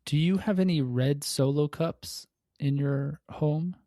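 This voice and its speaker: A man hosts a casual podcast interview, teasing his guest with playful questions. His voice sits a little high for a man. The sound is dry and close, with no room around it. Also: slow, warm tone, no room sound. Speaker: podcast host.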